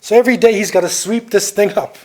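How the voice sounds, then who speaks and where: An older man lecturing to a class in a loose, storytelling way. His voice sits a little high for a man, and he keeps checking in with his listeners as he talks. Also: fast talker.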